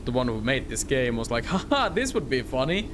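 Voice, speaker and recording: A man's voice: mid-range voice, very animated, fairly quick, noisy background. A man playing a game and commenting, laughing and swearing a lot. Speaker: gamer. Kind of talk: let's-play commentary.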